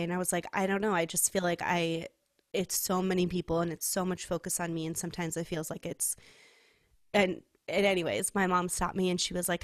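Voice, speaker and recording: A young woman from California, co-hosting a podcast and telling a personal story in casual, heartfelt chat, full of "like" and quick laughs. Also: lowish voice, flat delivery, dry recording, studio quality. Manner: chatty storytelling, heavy use of "like", laughs often. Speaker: podcast co-host.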